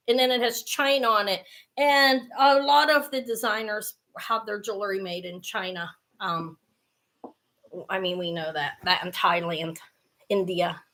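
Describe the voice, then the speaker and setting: Woman, middle-aged, high voice, chatty live jewelry seller, swears casually, laughs at herself. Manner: chatty and self-mocking, bursts into loud laughter, swears freely. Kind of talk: casual live-stream selling.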